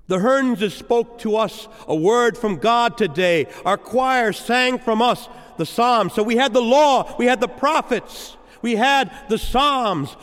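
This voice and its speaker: A man preaching a sermon as a priest, with rhythmic, repetitive phrasing and dramatic pauses. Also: high voice, big-room sound. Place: church.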